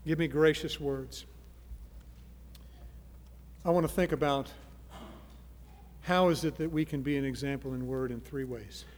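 A man preaching a sermon, earnest, moving from soft pleading to loud emphasis. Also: medium pitch, steady tone, normal speed, in a large hall. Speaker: pastor.

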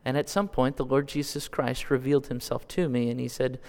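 A man from California preaching a sermon, asking the congregation questions and swinging between quiet asides and loud, drawn-out appeals. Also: medium pitch, fairly even intonation, creaky. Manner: asks the congregation direct questions. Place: church sanctuary. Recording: long hall reverb.

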